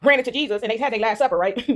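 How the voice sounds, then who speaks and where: A woman rattles off a casual reflection on Bible stories at a very fast clip, in a slightly high voice. She rambles, tosses in "right?" and "y'all" every few words, and laughs often as she talks. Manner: laughs often while telling. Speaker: video creator sharing faith reflections.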